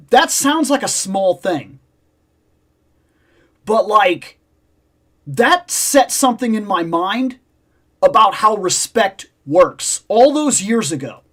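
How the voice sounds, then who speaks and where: Animated man with a lively, swinging voice. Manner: animated storyteller, swings between loud exclamations and low asides. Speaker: host. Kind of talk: casual nostalgic chat.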